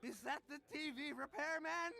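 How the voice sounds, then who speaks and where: An actor voicing a doddering elderly retired superhero in a video game, with a creaky, quavering voice. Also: male voice, very high voice, normal speed, pushed and bright, full character voice. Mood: confused.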